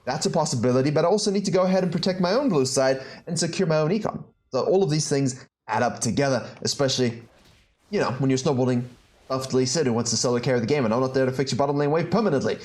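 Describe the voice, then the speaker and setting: A young man with a South African accent, coaching a video game over gameplay in an animated way, with incredulous outbursts. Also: medium pitch, fast.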